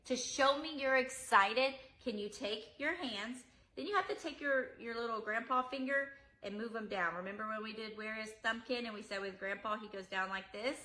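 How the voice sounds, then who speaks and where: Young female preschool teacher, bright tone, gentle sing-song delivery for toddlers. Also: mid-range voice. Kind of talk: demonstration lesson for young children.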